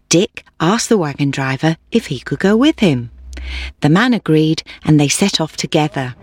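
A woman reading a children's fairy tale aloud in a clear, steady storybook manner. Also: on the low side.

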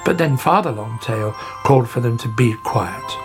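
A woman narrating a children's storybook in an expressive, gently paced way. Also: very deep voice, normal speed, hardly any pauses. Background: music.

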